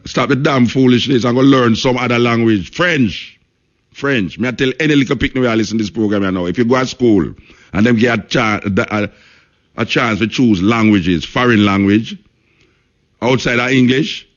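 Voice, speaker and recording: A man's voice: mid-range voice, moderate pace, muffled recording. A man with a Jamaican accent hosting a radio talk show, speaking emphatically, repeating points and saying "you know" often.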